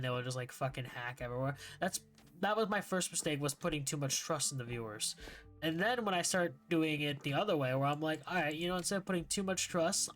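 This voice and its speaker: Slightly bright and mid-range, a young man's voice carries casual livestream chat as he plays a game, wandering off topic and swearing often when he gets frustrated.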